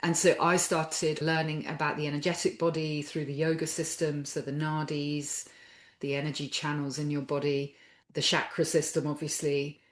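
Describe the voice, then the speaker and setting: Low-voiced woman, soft and reflective. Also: little pitch movement, normal speed, roomy sound. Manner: soft-spoken, thoughtful, circling phrases with fillers. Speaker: podcast guest. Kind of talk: reflective conversational interview.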